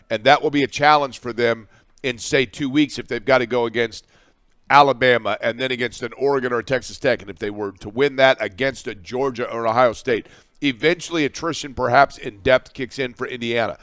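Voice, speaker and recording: A man's voice: medium pitch, steady tone, moderate pace, fairly bright tone, no room sound, clean studio sound. A man co-hosting a sports talk show, making his points emphatically and repeating them for effect. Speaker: sports radio co-host.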